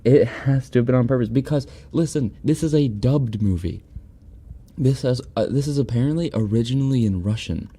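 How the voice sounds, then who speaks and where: A man live-streaming on an ASMR channel, chatting casually about clips, often breaking into giggles while trying to keep his voice soft. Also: medium pitch, normal speed, breathy edge. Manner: giggly, breaks into laughter, talks softly. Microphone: binaural ASMR microphone.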